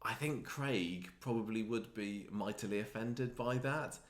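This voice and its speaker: Low-voiced man, easygoing co-host, hesitant chatter. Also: measured pace. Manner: conversational, agreeable, hesitant with fillers. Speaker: podcast co-host. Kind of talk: casual chat recapping a soap.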